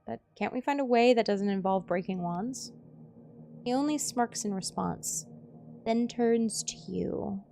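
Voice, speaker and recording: Gravelly-voiced woman reading game dialogue. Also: fairly high pitch, unhurried, dark tone, a little hiss or hum. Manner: switches between several character voices while reading a story game. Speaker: streamer voicing game characters.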